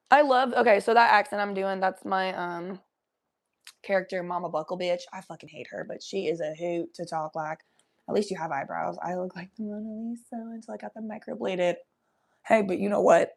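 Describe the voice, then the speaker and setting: A young woman hosting a casual livestream, chatting to viewers in a loose, giggly, profane way while high. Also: steady tone, a little fast, gravelly. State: high from smoking weed. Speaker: livestream host. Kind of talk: casual chat reading viewer comments.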